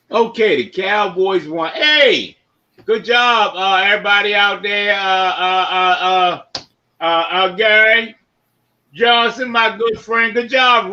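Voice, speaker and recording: A man hosting a casual sports podcast, running through football results and giving shout-outs to listeners by name. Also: high-pitched, lo-fi sound. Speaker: podcast host.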